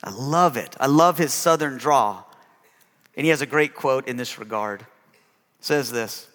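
A man's voice: mid-range voice, measured pace, fairly bright tone, big-room sound. A male pastor preaching a sermon with emphasis, often calling out for an amen.

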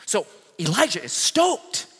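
A man in his thirties preaching a sermon, telling a Bible story in an animated way and acting out the quotes. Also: high voice, unhurried, breathy edge. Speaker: pastor. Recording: long hall reverb.

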